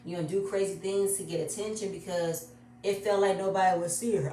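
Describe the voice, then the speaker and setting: A woman's voice: mid-range voice, steady tone, fairly quick, mellow, a little hiss or hum. A woman giving a casual, emotional recap of a reality show episode, talking chatty and repeating herself. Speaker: reality TV reviewer. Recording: echoey room, distant mic.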